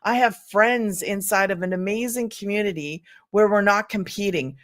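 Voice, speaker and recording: Older woman as a livestream host: excitable, chatty, greets viewers by name, laughs easily. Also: medium pitch, moderate pace. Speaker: livestream host selling online business programs. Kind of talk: casual livestream chat with viewers.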